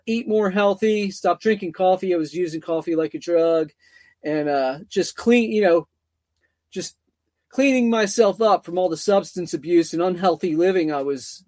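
High-voiced middle-aged man, rambling. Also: darkish tone, no echo. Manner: rambling, repeats words, frequent fillers. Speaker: guest. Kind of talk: casual interview storytelling.

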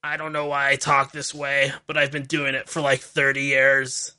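A man doing an impression of an older woman paranormal researcher with a scratchy voice and a slow, drawn-out, mock-serious delivery. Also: mid-range voice, completely flat delivery, pushed and bright, smooth.

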